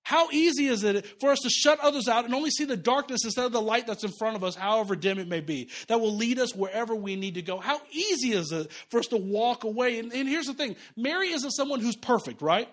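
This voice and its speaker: Animated, high-voiced man preaching. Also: quick pace, few pauses. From Jamaica. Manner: animated, playful, acts out voices with sudden swings in pitch and volume. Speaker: pastor. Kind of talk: sermon.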